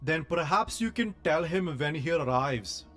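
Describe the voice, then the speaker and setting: Parody dub: a man as a menacing Indian-accented dark lord, deadpan and commanding, a little high. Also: soft background music. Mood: imperious. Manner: slow, imperious, deadpan threats. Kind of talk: parody dub of a film scene.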